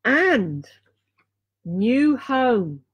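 A woman from Dorset, England, giving a live intuitive card reading as a healer, speaking earnestly and repeating key phrases between filler pauses. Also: fairly high pitch, big pitch swings, breathy edge.

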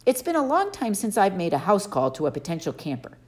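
A woman voicing a kindly, patient male teacher who speaks calmly and formally in a storybook reading. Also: medium pitch, fairly quick, voice pushed up.

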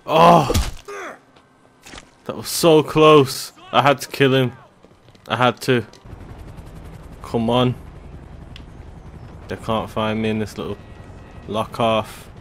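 A man, loudly commentating on a game with bursts of shouting and swearing. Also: medium pitch, steady tone, slow, creaky, long pauses, a little hiss or hum. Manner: slangy, loud outbursts and swearing. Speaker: gaming video host. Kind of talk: excited gameplay commentary. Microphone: desktop USB microphone. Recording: game music playing under voice. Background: game music and sounds.

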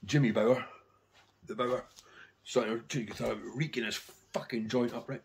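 A man's voice: medium pitch, steady tone, normal speed, a little hiss or hum. Swearing man rambling about records. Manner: heavy swearing, rambling anecdotes. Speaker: record collector vlogger. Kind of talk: casual rambling storytelling.

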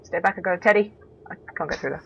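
A woman's voice: on the low side, quick pace, creaky, dull audio, a little hiss or hum. Jumpy woman playing a horror game. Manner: talks to herself, swears, jumpy and exclaiming. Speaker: let's play host.

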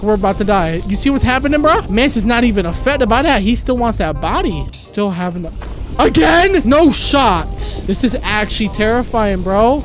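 A man's voice: very high-pitched, expressive, moderate pace, faint music behind. A young man giving casual, jumpy gameplay commentary, full of slang, gasps and exclamations. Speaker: gaming video creator.

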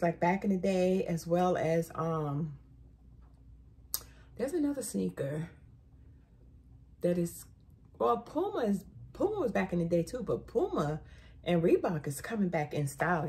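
A middle-aged woman chatting casually to camera about a shopping haul, an animated storyteller who often says "y'all.". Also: fairly low pitch, vocal fry, breathy edge. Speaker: haul vlogger.

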